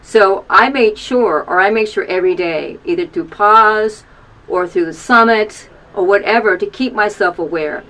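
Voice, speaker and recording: This HIV testimony comes from a woman in her fifties recording herself in a cramped video booth, emotional and earnest as she repeatedly calls on listeners to take action. At moments her voice drops low, though overall it sounds pushed and bright at a moderate pace. The recording is rough.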